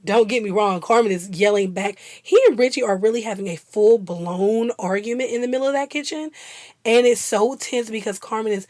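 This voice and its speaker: A woman's voice: mid-range voice, a little fast, darkish tone, dry recording. A young woman chatting casually and laughing often as a vlogger. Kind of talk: casual chat.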